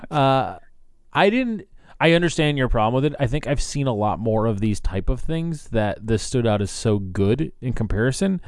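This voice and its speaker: A man's voice: mid-range voice, expressive, normal speed, clear, resonant tone, no echo, clean studio sound. A man chatting casually as a podcast co-host in a loose, opinionated way. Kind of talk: casual chat.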